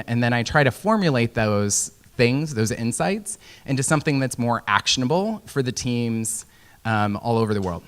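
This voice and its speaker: A young man from Indiana giving a casual, joking conference talk with many fillers. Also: mid-range voice. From Indiana, USA. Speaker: conference speaker. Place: conference hall.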